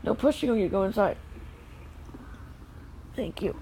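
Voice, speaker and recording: A woman filming her children playing outside in the snow, narrating casually and calling out gentle, firm warnings to the kids. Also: mid-range voice, animated, unhurried, a little hiss or hum, low-quality recording. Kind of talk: casual family vlog. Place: outdoors in the snow.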